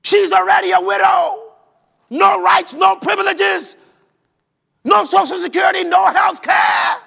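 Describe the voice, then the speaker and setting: A man preaching a sermon, shouting in a sing-song cadence. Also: very high voice, steady tone, measured pace, vocal fry, a faint crowd. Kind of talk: whooping sermon.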